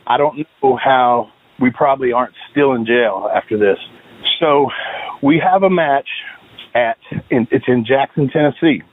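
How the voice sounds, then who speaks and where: A man hosting a podcast, telling a long story in a relaxed, steady way. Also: medium pitch, a little slow, no room sound, narrow, tinny audio. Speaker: podcast host. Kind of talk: casual storytelling.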